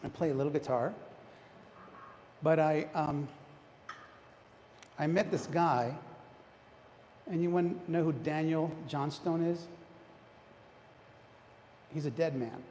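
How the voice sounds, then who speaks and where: A man delivering a retreat talk speaks slowly with long pauses, his voice on the high side and dark in tone. Preaching to a congregation in a church hall, he quizzes his listeners and keeps restarting sentences, engaging them; long hall reverb and faint background noise are audible.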